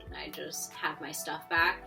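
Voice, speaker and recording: A woman's voice: low voice, little pitch movement, unhurried, vocal fry, pushed and bright, distant mic, faint music behind. A woman vlogger telling a story in a casual, chatty way, laughing often and filling her talk with "like". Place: home near a busy road.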